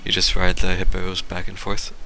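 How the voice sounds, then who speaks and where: A man's voice: deep voice, monotone, moderate pace, bright, forceful tone, a little hiss or hum. A man streaming a game, giving casual gameplay commentary in an offhand, musing way.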